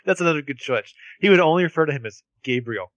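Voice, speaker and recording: A man co-hosting a podcast, recapping a TV episode scene by scene as an animated storyteller. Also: on the high side, moderate pace, no room sound, dull audio. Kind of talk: casual chat.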